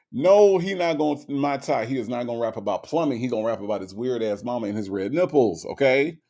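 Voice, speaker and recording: Brief: male streamer, casual comedic commentary, gravelly, repeats himself for emphasis. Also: mid-range voice, moderate pace. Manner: animated, repetitive, laughing asides. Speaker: livestream host reading chat.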